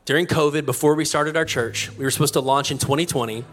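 Animated storytelling male pastor. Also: fairly high pitch, fast, faint music behind. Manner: animated, laughing, self-mocking. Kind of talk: storytelling sermon.

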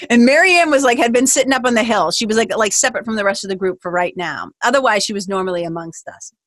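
A woman hosts her podcast in a loose, animated storytelling style, sprinkling "like" everywhere and swearing casually. Her voice sits a bit high. The recording is close and dry, with no room sound. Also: no room sound. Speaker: podcast host.

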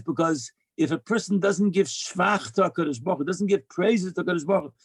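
Earnest high-voiced man with gravelly rasp. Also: dry recording. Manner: earnest, emphatic, repeats key phrases. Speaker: speaker sharing Torah lessons. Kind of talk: heartfelt religious talk.

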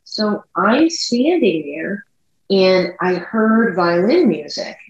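A woman co-hosting a podcast, telling a personal story in a chatty, rambling way that speeds up and slows down. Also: mid-range voice, big pitch swings. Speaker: podcast co-host. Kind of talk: casual storytelling chat. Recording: echoey room, dull lo-fi sound.

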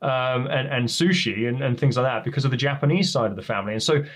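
Reflective man, mid-pitched voice. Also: fast talker. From England. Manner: fluent, reflective storytelling. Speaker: guest. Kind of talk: casual interview chat.

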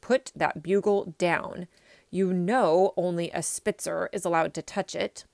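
A woman's voice: lowish voice, moderate pace, creaky, no echo. A woman voicing a stern but kind older military man who speaks firmly. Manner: firm, then apologetic.

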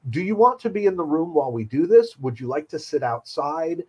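A middle-aged man, a children's surgeon, speaking in an earnest, measured and reassuring way in a conversation. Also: a little high, sing-song, a little mellow, slightly rough, rough recording. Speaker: pediatric surgeon. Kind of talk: podcast conversation.

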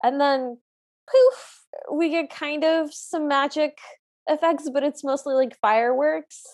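A woman with a high voice co-hosting a podcast. She talks casually and frankly and says plainly what she does not like. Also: steady tone, measured pace. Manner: frank and opinionated, states her dislikes plainly. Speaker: podcast co-host. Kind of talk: casual chat.

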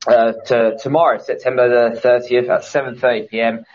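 A man co-hosting a casual live chat show, easygoing and quick to laugh along. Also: medium pitch, flat delivery, a little mellow, highs cut off. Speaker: co-host.

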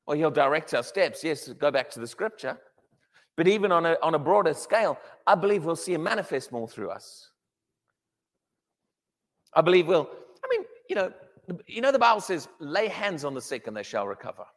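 A high-voiced man preaching with lively swings in pitch, stressing his points with repeated restarts. His voice rings through a large hall with a long reverb. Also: moderate pace. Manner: animated, emphatic, with repeated restarts. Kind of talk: sermon.

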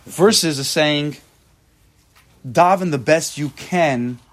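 A man teaching a Talmud class, thinking aloud with quick restarts and reading text out loud. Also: on the high side. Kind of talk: casual shiur teaching.

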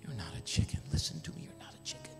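A man voicing a gentle, earnest farmer who speaks softly and often whispers to a young bird. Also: a little high, moderate pace, over music, close to an everyday voice. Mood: hushed pleading. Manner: soft, hushed, often whispering. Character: gentle earnest male farmer coaxing an eaglet.

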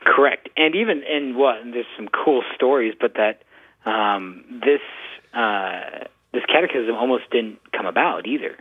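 A man's voice: mid-range voice, a little slow, slightly rough. A man who is a priest, explaining Catholic teaching in a casual, chatty way, often saying "like". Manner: conversational, uses "like" often. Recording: tinny phone-like radio sound.

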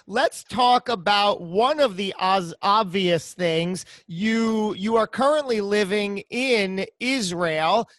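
A man's voice: high voice, a bit bright, dry recording. A man hosting a podcast interview, enthusiastic and full of compliments for his guest. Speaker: podcast host. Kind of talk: casual interview chat.

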